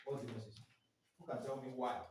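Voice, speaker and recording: A man in his forties with a steady, slightly mellow medium-pitched voice leads a classroom-style staff training at a quick pace in an indoor training room. He quizzes the group, spells out letters one by one, and often ends phrases with a prompting "what?". The recording is echoey, with the mic far off and a little hiss or hum.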